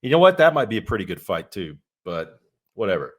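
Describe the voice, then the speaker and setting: Deep-voiced man in blunt podcast chat. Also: very animated, fairly quick. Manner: blunt, laughing, rambling with restarts. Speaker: podcast co-host.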